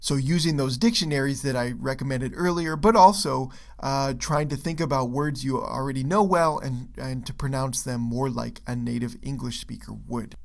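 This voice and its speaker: A man giving a relaxed pronunciation lesson with a medium-pitched voice. He pauses to ask "okay?" and "right?" along the way, and talks with easy fillers and restarts. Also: gravelly. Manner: checks in often with "okay?" and "right?". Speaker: English pronunciation teacher. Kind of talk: explanatory video lesson.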